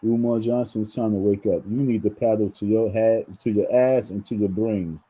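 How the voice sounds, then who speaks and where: A man's voice: fairly low pitch, steady tone, normal speed, dark tone, husky, rough recording. A man from New York talking straight to his viewers in a rambling commentary, often repeating words and calling them folks. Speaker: vlogger. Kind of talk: casual commentary monologue.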